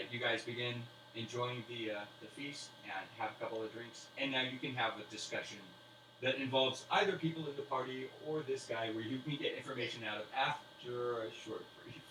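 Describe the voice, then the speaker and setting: A man's voice: mid-range voice, normal speed. A man narrating as game master, rambling with fillers and restarts. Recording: roomy, distant mic with faint hiss.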